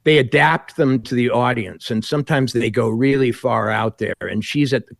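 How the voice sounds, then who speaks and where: A man appearing as a guest commentator on a political talk show, speaking in a wry, halting way. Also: medium pitch, vocal fry, dry recording, clean studio sound.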